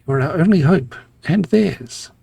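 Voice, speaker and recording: A man voicing an eager, pleading homeless cat lover in a video game, pitched well above his own voice. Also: lively intonation, unhurried, creaky, dark tone, slight background noise, full character voice.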